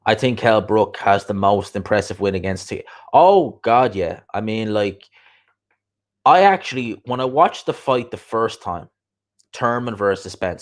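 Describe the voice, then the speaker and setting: Guy with a lowish voice just chatting, opinionated, says stuff twice to hammer it home. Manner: opinionated, repeats phrases for emphasis. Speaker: boxing show host reading viewer comments. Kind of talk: casual livestream chat.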